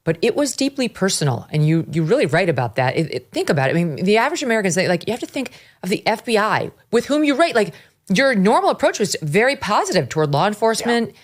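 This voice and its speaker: A woman's voice: medium pitch, very animated, fast talker. A woman hosting an interview who frames her questions with her own commentary. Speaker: host. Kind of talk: conversational interview.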